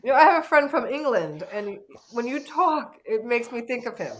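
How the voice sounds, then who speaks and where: High bright lady joking around on a panel, lots of pitch jumps. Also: sing-song, normal speed, rough recording. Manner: laughing, playful. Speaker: panel guest. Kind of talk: casual chat.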